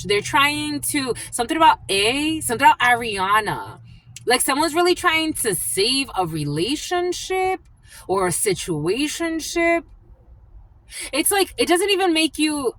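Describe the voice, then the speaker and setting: A woman's voice: on the high side, fairly bright tone, poor audio. Rambling woman reading tarot. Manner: rambling storytelling with many fillers; acts out the people in her anecdotes. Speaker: tarot reader. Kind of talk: casual collective tarot reading.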